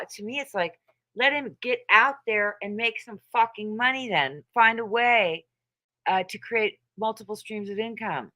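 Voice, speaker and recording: Woman host, bright voice, mocking profane livestream rant. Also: on the high side, a little slow, rough recording. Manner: profane, mocking, laughs often. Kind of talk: casual ranting livestream chat.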